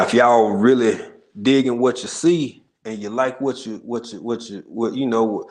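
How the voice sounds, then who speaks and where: Chatty East Texas man hosting a livestream. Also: mid-range voice. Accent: East Texas Southern. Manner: loose and chatty, greeting viewers by name with Southern slang. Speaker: livestream host. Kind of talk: casual livestream chat.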